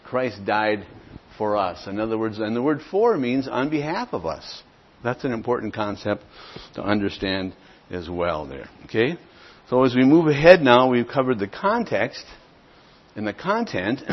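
A man teaching how to explain a gospel tract, speaking in a plain conversational way, often clearing his throat and checking in with "okay?". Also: on the low side. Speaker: evangelism teacher. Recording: dull lo-fi recording.

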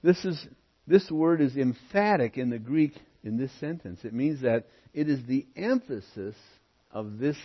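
Husky-voiced man preaching an expository sermon. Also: mid-range voice, lively intonation, unhurried, lo-fi sound. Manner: emphatic, often drops to quiet asides. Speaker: pastor. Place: church.

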